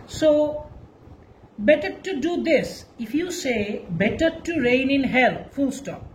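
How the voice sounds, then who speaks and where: Woman, teacher, unhurried lecture, animated pitch, higher voice, faint hiss behind. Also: rough recording. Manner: slow and deliberate, with restarts and emphasis. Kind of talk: literature lecture.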